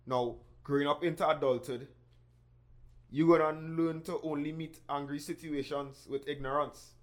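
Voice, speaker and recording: A man's voice: on the high side, steady tone, moderate pace. A man from the Caribbean, co-hosting a casual podcast chat, speaking earnestly and reflectively. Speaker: podcast co-host.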